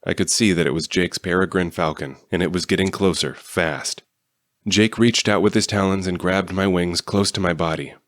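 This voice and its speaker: Low-voiced man narrating an audiobook. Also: moderate pace, dry recording. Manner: steady storytelling. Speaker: audiobook reader. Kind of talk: first-person audiobook narration.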